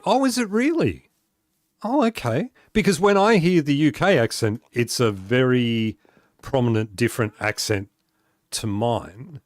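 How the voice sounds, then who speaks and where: A man's voice: medium pitch, dry recording, studio quality. Chatty Australian man streaming. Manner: chatty, laughs often, answers chat. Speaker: live streamer. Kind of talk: casual gaming stream chat.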